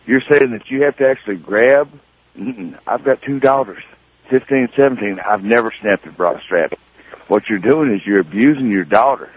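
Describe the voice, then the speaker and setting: Man in his 40s, caller, husky voice, muffled phone sound, blunt. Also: on the low side, normal speed, dry recording. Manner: blunt, insulting.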